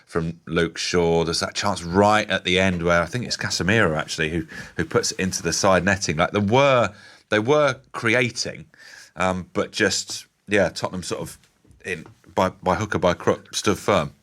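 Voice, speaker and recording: A man presents a live radio interview in a very low voice. He is chatty and laughs easily, often restarting his sentences as he thinks aloud. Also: moderate pace, a bit bright.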